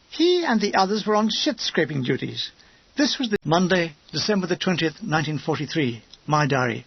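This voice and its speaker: A man's voice: a little high, very animated, moderate pace, gravelly, husky, no echo. A man narrating a war memoir audiobook in a wry, comic storytelling manner. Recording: dull lo-fi dry recording.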